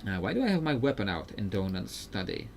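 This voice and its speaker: A man's voice: lowish voice, sing-song, quick pace, gravelly, slight background noise. A young man with a non-native English accent, a little unwell, giving casual rambling commentary while he plays, full of fillers and jokes. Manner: rambling, jokey, heavy on fillers. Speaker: game streamer.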